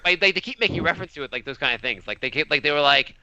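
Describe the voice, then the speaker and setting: A man co-hosting a podcast in casual chat, telling a story with animated voiced quotes. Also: on the high side, racing, highs cut off, a little hiss or hum. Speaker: podcast co-host.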